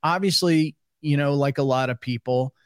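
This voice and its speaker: A man's voice: fairly high pitch, normal speed, clean tone, no echo, clean studio sound. A man hosting an interview, asking questions in a rambling, hesitant way with lots of fillers. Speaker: interview host. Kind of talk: casual interview.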